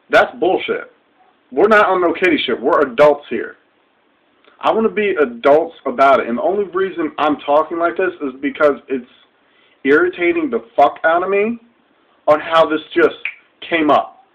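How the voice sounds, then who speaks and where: A man's voice: fairly high pitch, sing-song, normal speed, slightly rough. A young man ranting straight to camera, heated, profane and confrontational, in a dull lo-fi webcam recording. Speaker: vlogger. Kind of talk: direct-to-camera rant.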